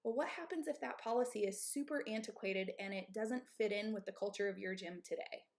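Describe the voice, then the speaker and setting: This is a woman in her thirties who runs a gym, speaking candidly to other owners on a live stream. She talks emphatically and checks in with her listeners often. Her voice sits at an ordinary middle pitch for a woman. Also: a little fast, a little mellow. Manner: candid, emphatic, asks "okay?" and "right?" often. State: out of breath. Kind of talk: live-stream advice talk.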